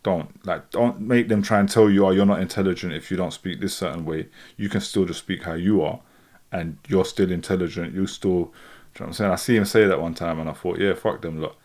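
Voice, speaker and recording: A man's voice: low voice, fairly quick, darkish tone. A man in his forties with a London accent, chatting casually on a live stream and reading out viewer comments. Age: 40s. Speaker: streamer reacting to music.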